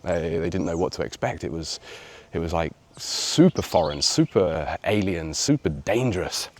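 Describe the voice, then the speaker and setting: Low-voiced English man telling a story. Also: moderate pace, slight background noise. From England. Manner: reflective, animated when quoting others. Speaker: vlogger. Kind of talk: personal storytelling.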